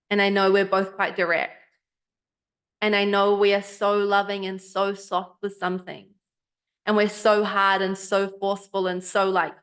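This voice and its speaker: A woman's voice: mid-range voice, a bit bright. A woman co-hosting a podcast in casual chat, reflective and earnest, sometimes acting out what others say. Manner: reflective, earnest, acts out quoted voices. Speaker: podcast co-host.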